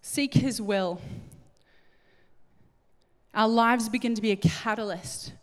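A middle-aged woman preaching a sermon, animated and acting out little scenes in different voices. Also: a little high, takes it slowly. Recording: echoey hall with long reverb.

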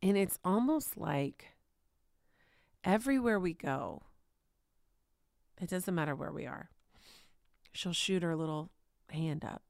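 A woman in her thirties giving a devotional teaching, soft and tender, often dropping to a whisper. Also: on the low side, expressive, takes it slowly, creaky, pauses often, no room sound, studio quality. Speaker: podcast host.

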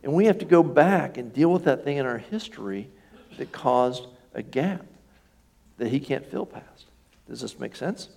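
Gravelly-voiced pastor preaching conversationally. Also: male voice, medium pitch, animated, normal speed, a little mellow. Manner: conversational, asks the congregation questions. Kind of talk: sermon.

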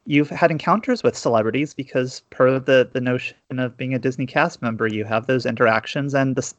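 A man's voice: medium pitch, a little fast, dry recording. A man hosting a podcast, asking casual interview questions and repeating words as he works them out. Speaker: podcast host. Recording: dry, dull lo-fi mic.

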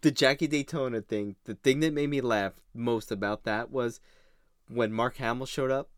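A man's voice: medium pitch, moderate pace, no room sound, clean studio sound. A man hosting a podcast in casual chat, eagerly retelling favorite jokes. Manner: enthusiastic, animated retelling of jokes. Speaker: podcast host.

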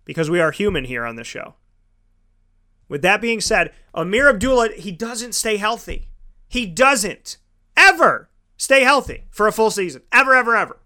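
Very animated yet speaking at normal speed, a man with a high, sharp voice hosts a show. He offers opinionated football commentary, ranting emphatically and repeating for effect.

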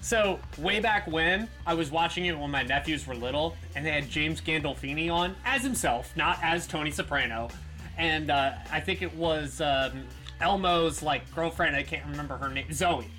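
A man's voice: on the high side, moderate pace, soft background music. A man co-hosting a podcast, telling stories in casual banter. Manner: storytelling, animated. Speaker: podcast co-host.

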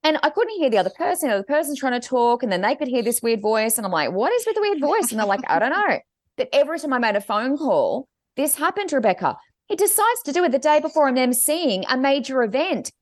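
A woman co-hosting a podcast tells a story in a casual chat. Her pitch swoops widely as she acts out the quoted voices. The sound is dry and close. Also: quick pace, no echo. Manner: animated storytelling, acting out quotes. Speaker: podcast co-host.

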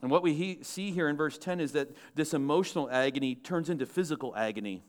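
A male pastor delivers a sermon in a church with a smooth, resonant voice pitched a little higher than most men's. He preaches in an animated way, putting questions to the congregation and growing loud when he reads scripture aloud. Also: quick pace.

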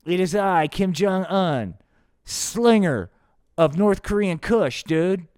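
A man voicing a menacing male dictator puppet who makes slow, grand threats. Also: high-pitched, a little mellow, clear, resonant tone, no echo, clean studio sound.

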